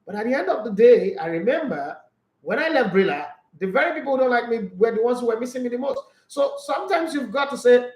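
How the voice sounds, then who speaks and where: Brief: high-pitched Nigerian male sports host, outspoken and emphatic, echoey room. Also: animated, quick pace. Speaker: sports talk show host. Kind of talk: casual sports commentary, reading viewer comments.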